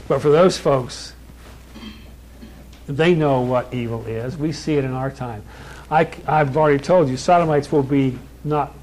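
A man preaching a sermon in a plain American voice, emphatic, building lists with rising stress and slowing down for key lines. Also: medium pitch, a little mellow, slight background noise, low-quality recording. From born in Kentucky, raised in California.

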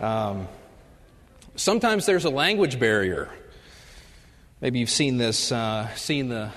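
A male professor giving a humorous chapel talk, telling stories and acting out the jokes in loud voices. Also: mid-range voice. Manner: storytelling, acts out jokes with loud shouted voices. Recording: long reverb of a large hall.

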